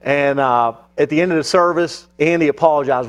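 A man's voice: a little high, a little fast, hardly any pauses. A male pastor telling a mission story in a sermon, with fillers and restarts. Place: church.

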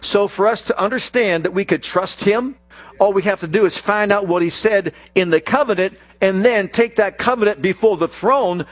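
A man preaching a sermon, reading scripture in a drawn-out, stressed cadence and dropping to a low hushed voice for emphasis, and putting questions to the congregation. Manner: slow, emphatic delivery with dramatic drops to a low hushed voice; addresses congregation with call-and-response questions. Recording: dry close sound with faint mains hum.

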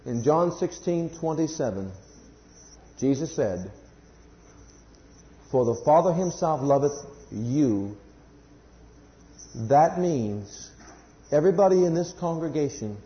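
A man preaching a sermon to a congregation, swinging from loud high emphasis to hushed low scripture quotes and sometimes stumbling over words. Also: expressive, takes it slowly, pauses often, roomy sound, muffled recording. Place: church congregation.

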